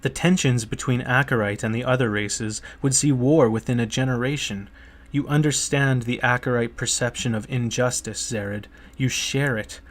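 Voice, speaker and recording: A man's voice: medium pitch, steady tone, normal speed, close to an everyday voice. A man reading an audiobook, voicing an earnest male merchant who urges a prince to claim a throne, in a pleading, persuasive manner. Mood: pressing.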